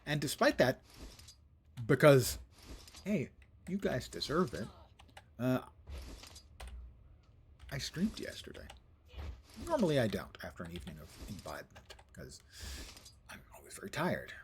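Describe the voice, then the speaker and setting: A man's voice: mid-range voice, wildly swooping pitch, unhurried, long pauses, slight background noise. A tired, yawning man streaming a game, chatting casually with wry, rambling asides. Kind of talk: casual live-stream chat while gaming.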